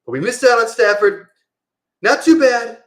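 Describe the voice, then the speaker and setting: A man's voice: extremely high pitch, animated, moderate pace, roomy sound, pitched above the performer's own voice. A man doing an impression of a brash, boastful older male politician, with an exaggerated bragging cadence full of superlatives.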